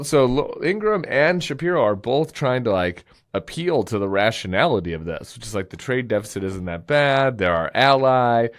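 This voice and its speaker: Animated male podcast co-host. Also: on the low side. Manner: animated, mimics people he talks about. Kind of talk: casual political chat.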